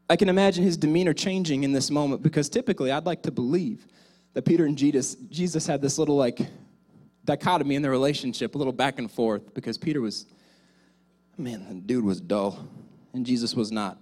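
A male pastor delivering a sermon, speaking directly to the congregation and swinging between loud exhortation and quiet asides. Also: fairly high pitch, a little fast.

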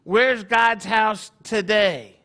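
High, bright-voiced male preacher. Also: very slow. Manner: conversational, peppered with rhetorical questions. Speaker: congregation leader. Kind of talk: sermon.

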